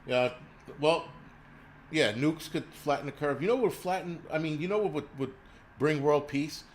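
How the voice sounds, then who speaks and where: A man's voice: on the high side, normal speed, a little hiss or hum. A man hosting a livestream, ranting crudely and rambling while he answers viewers' chat. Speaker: livestream host.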